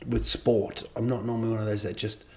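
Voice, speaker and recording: A man with a fairly low voice hosts his own podcast, chatting alone in a loose, meandering way. He pokes fun at himself as he wanders off topic and back again. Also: level tone, fairly quick, vocal fry, a little hiss or hum. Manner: rambling, self-deprecating, digressive. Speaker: comedian and podcast host. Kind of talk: casual solo podcast monologue.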